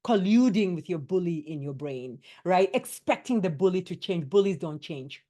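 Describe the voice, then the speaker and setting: A woman coach leading a wellness workshop for doctors, her voice sitting a little low for a woman. She talks in a lively, emphatic way, driving each point home and often tagging it with a quick "right?" to keep the room with her.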